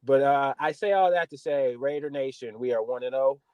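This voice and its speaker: A man's voice: medium pitch, fairly quick, clear, resonant tone, no echo, dull audio. A man from the US West Coast hosting a podcast, ranting about football with lots of swearing. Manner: animated, profane sports rant. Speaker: podcast host. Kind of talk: casual sports podcast chat.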